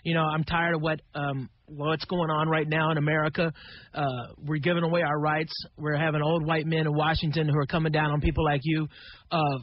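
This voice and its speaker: A high-voiced male comedian tells rambling, animated stories as a guest on a talk radio show. The audio is muffled, with a faint hiss behind it. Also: a little fast. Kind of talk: anecdotal storytelling.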